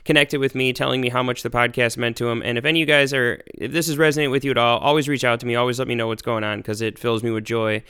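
An American man hosting a science podcast, talking in an energetic, rambling, excitable way. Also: medium pitch, rapid-fire, hardly any pauses, smooth. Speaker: podcast host. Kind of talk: enthusiastic casual science podcast.

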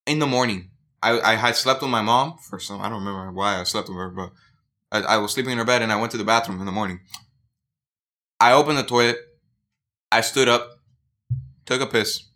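Bright-voiced young man telling a story. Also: fairly low pitch, a little fast, pauses often. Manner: earnest, excitable storyteller. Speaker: podcast co-host. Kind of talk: casual storytelling chat.

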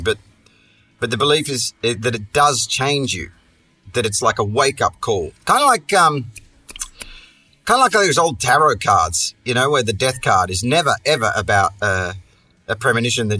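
A man's voice: mid-range voice, lively intonation, normal speed, sharp tone. A man hosting a podcast, telling a story in a casual monologue full of profane, sardonic, rambling asides. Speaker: podcast host.

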